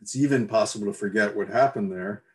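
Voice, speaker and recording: A man giving an academic talk, measured and reflective, reading excerpts aloud with occasional fillers. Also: lowish voice. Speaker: lecturer.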